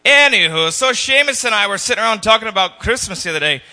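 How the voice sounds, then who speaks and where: A man's voice: sits high, expressive, fast talker, sharp tone, soft background music, full character voice. A man voicing a goofy, self-important Scottish rapper who rambles and laughs at his own jokes, with a Scottish accent. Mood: boastful. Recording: long hall reverb.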